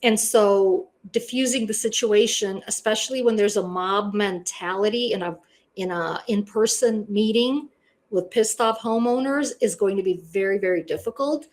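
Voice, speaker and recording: A woman leads a class and talks in a frank, easygoing way, with plenty of "you know" fillers. Her pitch sits in the middle range. She keeps things plain and direct. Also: moderate pace. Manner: blunt, conversational, lots of "you know". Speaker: instructor. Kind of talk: casual online class lecture.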